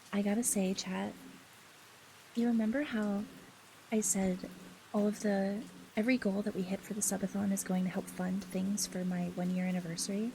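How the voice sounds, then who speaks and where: A giggly, teasing woman talks casually with her livestream chat, playing up flirty, mock-possessive banter. Her voice sits in a middling range with a gravelly fry running through it. A steady hiss of background noise sits under the recording. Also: medium pitch, rough recording. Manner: giggly and teasing, laughs often.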